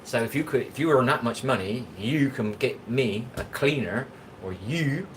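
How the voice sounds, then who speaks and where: A man's voice: medium pitch, lively intonation, moderate pace, a bit bright, low-quality recording. An Englishman with a plain mid-range voice rambles his way through a casual cooking livestream. He chats loosely and answers his viewers' comments as he cooks. A faint bit of background noise sits under his voice. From England. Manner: rambling, chatty, talks back to chat comments. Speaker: livestream host.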